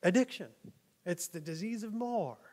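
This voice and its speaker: A male pastor gives a loose, conversational sermon into a microphone in a church. His voice sits high for a man. He jokes a lot and keeps checking in with his listeners. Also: lively intonation, moderate pace, darkish tone. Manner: chatty, joking, keeps asking "right?". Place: church sanctuary.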